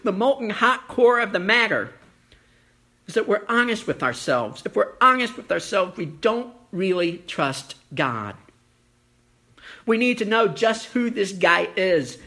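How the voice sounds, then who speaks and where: A male pastor preaches slowly and deliberately. His high voice sounds bright and forceful. He tells stories earnestly and poses rhetorical questions. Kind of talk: sermon.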